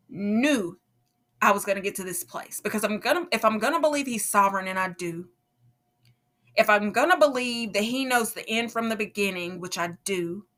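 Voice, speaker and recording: Woman, bright voice, casual faith storytelling, animated delivery. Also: mid-range voice. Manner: animated, acts out quoted voices, laughs often. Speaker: podcast host.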